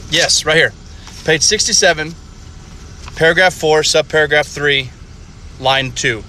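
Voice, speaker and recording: Bright-voiced man telling crude jokes. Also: fairly high pitch, measured pace, long pauses, slight background noise. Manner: crude, profane, deadpan setups. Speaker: comedian. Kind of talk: stand-up joke telling.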